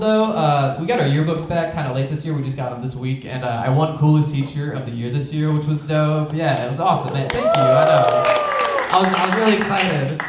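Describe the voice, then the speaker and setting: A young man doing a stand-up set, deadpan and self-mocking as he talks about teaching. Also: a little high, background noise. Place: comedy club stage with audience. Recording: echoey club room with crowd laughter.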